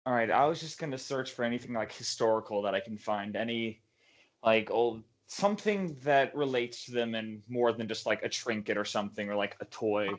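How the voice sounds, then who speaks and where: A man's voice: medium pitch, a little fast. A man playing a tabletop game in casual chat, hesitant and full of fillers. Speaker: player.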